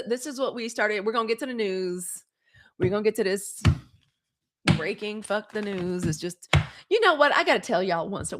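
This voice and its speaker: A woman in her forties hosting a livestream, talking candidly and emphatically straight to her audience, shouting out viewers by name and swearing, then apologizing for it. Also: on the high side. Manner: greets viewers by name and thanks them for gifts. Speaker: host. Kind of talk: solo livestream commentary.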